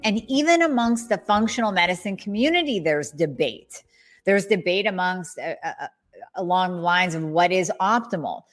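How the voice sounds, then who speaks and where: A middle-aged woman hosting a podcast, talking to listeners in an energetic, enthusiastic way. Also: on the low side, normal speed, faint music behind. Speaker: podcast host. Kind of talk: upbeat podcast talk.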